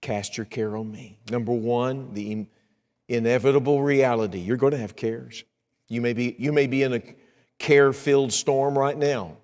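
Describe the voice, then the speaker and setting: A middle-aged man preaching in a church, his voice at an ordinary middle pitch. He acts out prayers in a rising, pleading tone and drops to a near hush when he talks about himself. The voice rings with a long reverb through the sanctuary. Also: fairly even intonation, moderate pace. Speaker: evangelist. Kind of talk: sermon.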